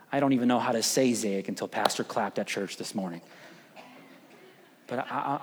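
A pastor in his thirties preaching a sermon in a conversational way, rising to emphatic peaks. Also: mid-range voice. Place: church sanctuary. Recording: long church reverb.

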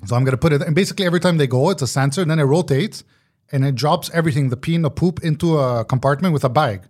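A man's voice: on the high side, rapid-fire, darkish tone. A young man co-hosting a podcast, chatting casually, joking and laughing often. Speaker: podcast co-host. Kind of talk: casual chat.

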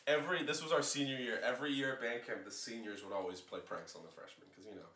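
Man, casual podcast storyteller, bright and lively, roomy distant sound. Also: mid-range voice, fast talker. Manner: animated, swears, acts out voices in stories. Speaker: podcast co-host. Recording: echoey room, mic at a distance.

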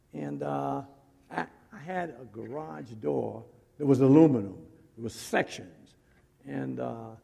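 Gravelly husky man preaching in a hall. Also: medium pitch. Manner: animated storytelling with fillers and restarts. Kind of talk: sermon with personal story. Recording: long reverb of a hall.

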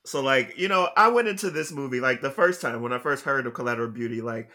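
A man co-hosting a casual movie review chat, measured and building his points with details. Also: mid-range voice, expressive, pushed and bright. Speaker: podcast co-host.

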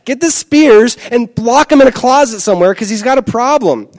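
A man's voice: very high voice, animated, moderate pace, a little mellow, dry recording, voice pushed up. A preacher voicing an exasperated adult male onlooker who rants in disbelief. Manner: ranting, incredulous.

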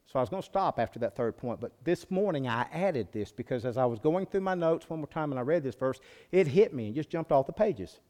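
A male pastor preaching a sermon, moving from quiet low teaching to loud, high-pitched preaching. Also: lively intonation, a little fast.

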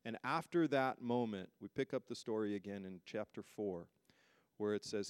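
A man's voice: medium pitch, lively intonation, moderate pace, darkish tone, smooth, no echo, clean studio sound. A man preaching a sermon as pastor to a congregation, emphatic and full of rhetorical questions. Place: church hall with a congregation.

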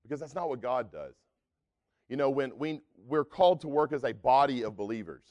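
A man preaching a sermon in a relaxed, folksy, conversational way, often using casual fillers. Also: mid-range voice, brisk.

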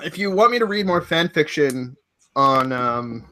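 Giggly, animated podcast host man. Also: on the high side, measured pace. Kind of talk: casual podcast chat.

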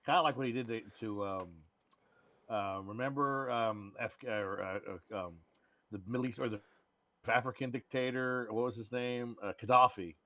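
A man co-hosting a podcast, giving blunt, profane opinions on films in an animated way. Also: mid-range voice, normal speed, dry recording. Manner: blunt, profane, animated, puts on silly voices. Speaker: podcast co-host. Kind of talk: casual movie-review chat.

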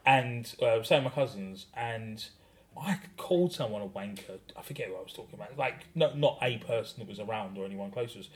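A man's voice: mid-range voice, quick pace, few pauses. A man with a southern English accent hosting a podcast in casual chat, telling rambling anecdotes. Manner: rambling anecdotes with filler words. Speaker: podcast host.

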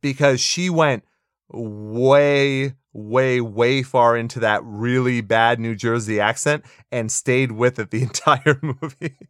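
A man's voice: medium pitch, takes it slowly, fairly bright tone, clean tone, dry recording, studio quality. A man co-hosting a casual movie review podcast, opinionated and sarcastic, laughing often as he talks. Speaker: podcast co-host.

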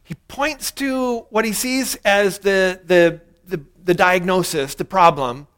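A male pastor delivering a sermon, his voice sitting noticeably high for a man. He speaks earnestly and leads the listeners through a short prayer for them to repeat. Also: slow, a bit bright, clear, resonant tone.

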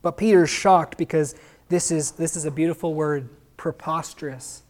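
A man's voice: fairly high pitch, fairly even intonation, moderate pace, a little mellow. Male pastor asking rhetorical questions. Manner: explanatory, asks the listeners rhetorical questions. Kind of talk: sermon.

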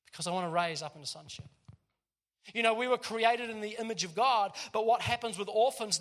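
Male preacher, high bright voice, animated and chatty, laughs a lot. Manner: animated storytelling, laughs often. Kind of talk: sermon. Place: church.

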